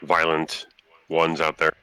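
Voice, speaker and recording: Deep, bright-toned male game master. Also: monotone, slow, clean tone. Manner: casual, hesitant with fillers. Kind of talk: narrating a tabletop game.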